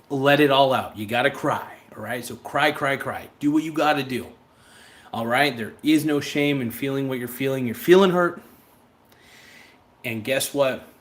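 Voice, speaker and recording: A man's voice: mid-range voice, a bit bright. Blunt rambling male livestream host. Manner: rambling, blunt, reads viewer chats aloud. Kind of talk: casual livestream chat.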